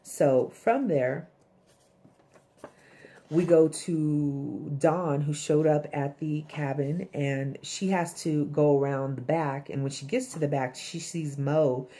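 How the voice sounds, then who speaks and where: A woman with a low, mellow voice walks through a TV episode in casual recap mode. She talks bluntly, swears freely and slips into the characters' lines as she goes. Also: steady tone, slow. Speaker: TV episode reviewer.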